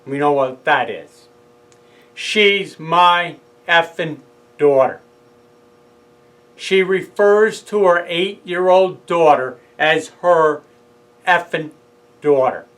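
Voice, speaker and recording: A man's voice: fairly high pitch, animated, slow, long pauses, a bit bright, poor audio. A middle-aged man with a New York accent, telling his story in a casual monologue and acting out both sides of a heated phone argument. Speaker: speaker recounting a legal case.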